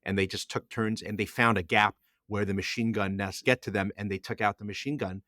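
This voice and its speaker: A man's voice: fairly low pitch, steady tone, brisk, bright, forceful tone, no room sound, clean studio sound. A middle-aged man co-hosting a podcast, telling a long story with many restarts and repeated words. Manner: rambling storyteller with frequent restarts. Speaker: podcast co-host. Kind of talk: casual podcast chat.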